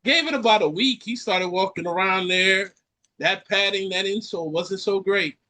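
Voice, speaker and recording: A Caribbean man hosting a podcast, ranting in an animated way and repeating lines for effect. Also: high voice, normal speed. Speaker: podcast host. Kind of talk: casual chat.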